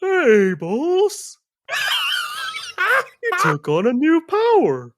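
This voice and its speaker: A jolly bear spirit with a loud, laughing voice pushed way up high, as a game master puts him on, calling out like a cartoon buddy. Over-the-top and friendly, with a voice that swoops about. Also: male voice, huge pitch swings, extremely slow, noisy background, heavily acted.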